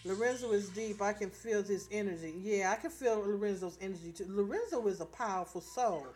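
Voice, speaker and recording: A woman's voice: mid-range voice, fairly quick, darkish tone, soft background music. A middle-aged woman, chatting casually on a livestream, reading viewer comments aloud and often laughing as she talks straight to her viewers. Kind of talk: casual live chat.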